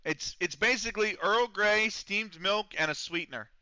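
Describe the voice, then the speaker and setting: A man's voice: high voice, normal speed, bright, forceful tone, no echo, highs cut off. A man streaming a football management game, chatting loosely with many fillers and the odd curse. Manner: rambling and loose, with many fillers and casual swearing. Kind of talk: casual live-stream commentary.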